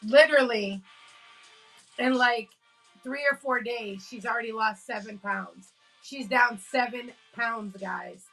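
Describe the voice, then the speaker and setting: Woman streamer at home, bright high voice, laid back chatty storytelling, little bit of music under it. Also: slow, creaky, poor audio. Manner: chatty storyteller, laughs often, greets chat. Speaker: livestream host. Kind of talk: casual live-stream chat.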